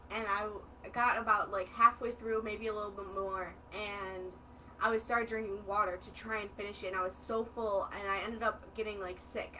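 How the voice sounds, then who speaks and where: Bright-voiced young woman telling animated stories. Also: mid-range voice, recorded from a distance, slight background noise, low-quality recording. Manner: animated storyteller who acts out quoted dialogue. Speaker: co-host, daughter of the host. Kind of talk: casual chat.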